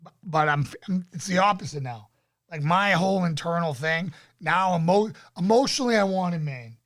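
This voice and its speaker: A man's voice: high voice, normal speed, a bit bright, dry recording. A man hosting a casual live-stream chat, laid-back and rambling with lots of fillers. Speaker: podcast host.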